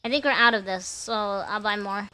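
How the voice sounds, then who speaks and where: A young woman streamer chatting casually to her viewers while gaming, playful and crude and quick to laugh. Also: medium pitch, sharp tone.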